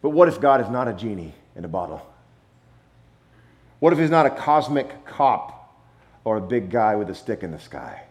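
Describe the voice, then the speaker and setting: A man preaching a sermon, emphatic, with dramatic pauses and repetition, sometimes playful. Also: on the low side, big pitch swings. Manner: playful, acts out wrong versions for effect. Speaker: pastor.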